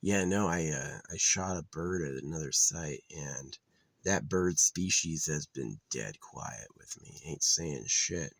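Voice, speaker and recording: A man's voice: very deep voice, a little slow, vocal fry, no echo. A man vlogging outdoors in a rambling, profane, casual monologue that trails off into mutters. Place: outdoors in nature.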